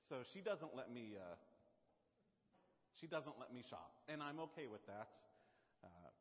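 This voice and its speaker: Animated pastor preaching with humor. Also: male voice, medium pitch, measured pace, long pauses. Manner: animated, self-mocking storytelling. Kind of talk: sermon with humorous stories. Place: church sanctuary. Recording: dull sound in a reverberant hall.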